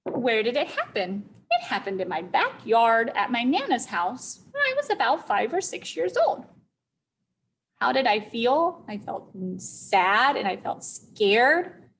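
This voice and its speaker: Slow, sing-song woman teacher. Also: a little high, sing-song, fairly bright tone, slight background noise, rough recording. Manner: slow, deliberate, checks in with listeners. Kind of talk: storytelling to young children.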